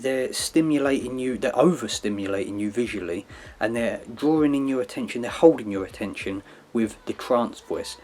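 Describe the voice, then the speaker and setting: A man giving a casual, rambling explanatory monologue, tagging his sentences with "yeah" and "like" in an earnest, lecturing way. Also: medium pitch. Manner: rambling, with frequent "yeah" and "like" tags. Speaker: video commentator.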